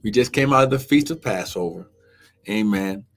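Man, fervent preacher, live-streamed sermon, amen and glory exclamations, pitch swings high and low. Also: animated, moderate pace. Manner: talks to viewers while typing and looking up verses.

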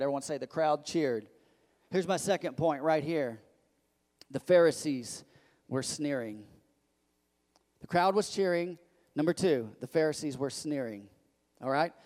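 High-voiced pastor preaching in echoey hall. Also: male voice, moderate pace. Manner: emphatic, repetitive, rising to loud preaching. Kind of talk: sermon.

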